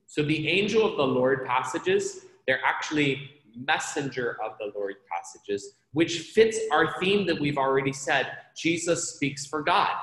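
A man's voice: on the high side, fairly bright tone. A man teaching a Bible college class in a conversational way, repeating key points for emphasis. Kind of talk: classroom lecture. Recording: echoey lecture hall reverb.

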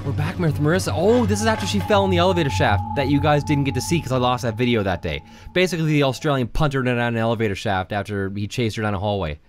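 A man's voice: mid-range voice, fast talker. A man hosting a horror game let's play, jittery and joking nervously, with frequent swearing. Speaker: gaming channel host. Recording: game music loud behind the voice. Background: game music.

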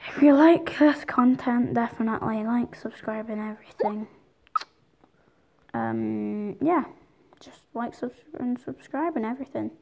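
Excitable woman commenting on her gameplay. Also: fairly high pitch, a little slow, gravelly. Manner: excitable, rambling, talks to herself. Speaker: gaming video creator.

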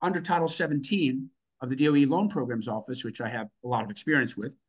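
A man's voice: mid-range voice, quick pace. A man on a panel, talking emphatically with rhetorical asides and growing enthusiasm. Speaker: panel guest, finance expert.

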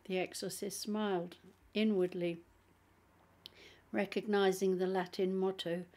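A woman reading a nonfiction book aloud in a measured, careful way. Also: medium pitch, little pitch movement, warm tone. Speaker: audiobook reader. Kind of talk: audiobook narration.

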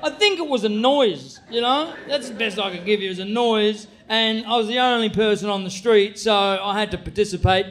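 A man with an Australian accent doing stand-up comedy in an animated, shouting delivery. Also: sits high, normal speed, few pauses.

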